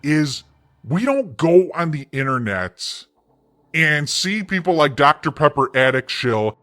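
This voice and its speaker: A man's voice: a little high, sing-song, a little slow, a bit bright. A man hosting his own online commentary, taunting and mocking in a sarcastic tone.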